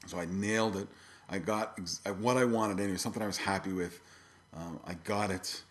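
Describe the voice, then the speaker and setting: A man's voice: deep voice, fairly even intonation, fairly quick. A middle-aged man hosting his own podcast, talking casually and rambling with many fillers and restarts. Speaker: podcast host. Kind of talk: casual solo podcast talk.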